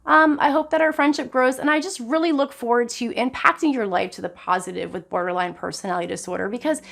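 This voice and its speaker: A middle-aged woman vlogger talking casually and earnestly to her viewers, addressing them directly and often leaping up in pitch for emphasis. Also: quick pace, creaky, a bit bright. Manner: frequent sudden jumps in pitch for emphasis. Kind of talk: casual talk to camera.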